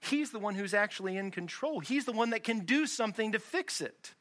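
A man preaches a sermon in a church, talking to the congregation in a loose, conversational way and leaning on rhetorical questions. His voice sits somewhat high for a man. It is bright and forceful in tone. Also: animated, fairly quick. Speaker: pastor.

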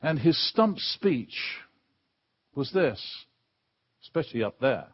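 Slow, deliberate English preacher. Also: male voice, medium pitch, sing-song, husky, lo-fi sound. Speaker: guest preacher. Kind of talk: sermon. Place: church pulpit.

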